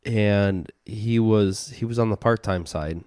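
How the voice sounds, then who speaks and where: Male co-host, tipsy, low-pitched, crude joking storyteller, dry mic. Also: slow pace, warm tone, smooth, no room sound. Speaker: podcast co-host. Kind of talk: casual crude banter. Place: basement.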